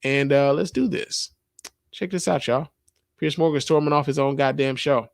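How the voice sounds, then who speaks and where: A man's voice: on the high side, normal speed, vocal fry, dry recording. A man from the United States hosting a podcast, talking in a casual, profane, rambling way full of fillers and restarts. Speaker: podcast host. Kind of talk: casual commentary.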